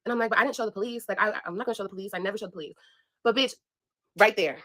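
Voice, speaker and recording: A woman's voice: medium pitch, very fast, fairly bright tone. A young woman vlogger telling a personal story in a casual, blunt and profane way, speaking straight to her viewers. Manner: blunt, profane, emphatic, addresses viewers directly.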